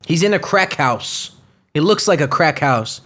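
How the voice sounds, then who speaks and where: Young male podcast host, profane and sarcastic, a bit higher voice, rant-style news reading. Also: expressive, a little slow, a bit bright. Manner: profane, mocking, switches into goofy voices.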